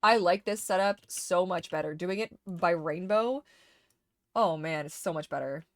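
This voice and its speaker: Woman streamer thinking out aloud while she plays, chatty and animated, dry close mic. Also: fairly low pitch, normal speed, no room sound. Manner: chatty, talks to herself while sorting items; emotional and animated when excited. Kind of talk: casual gameplay chat.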